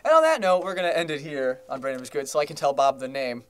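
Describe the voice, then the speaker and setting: A man's voice: medium pitch, very animated, fast, clear, resonant tone. A young man co-hosting a podcast, chatting casually, rambling with many fillers and restarts and laughing often. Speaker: podcast co-host. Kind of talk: casual chat.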